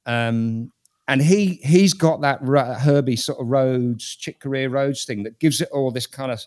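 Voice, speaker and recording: A British man talks through an album in a relaxed panel chat. His opinions are blunt and frank, and he often repeats words while he gathers his thoughts. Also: mid-range voice, measured pace. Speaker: music critic. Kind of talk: casual panel discussion.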